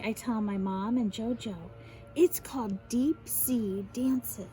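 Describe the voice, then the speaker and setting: A woman, a teacher, reading a picture book aloud to children in an animated way, stopping to explain the fancy words. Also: fairly high pitch, slow, faint music behind, low-quality recording.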